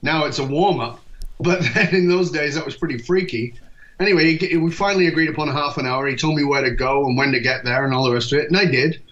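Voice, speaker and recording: A man in his fifties from England, a leadership speaker telling stories in an interview and acting out quoted dialogue. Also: on the high side. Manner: lively, acts out quoted dialogue, quick asides. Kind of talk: storytelling interview talk. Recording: dull lo-fi podcast recording.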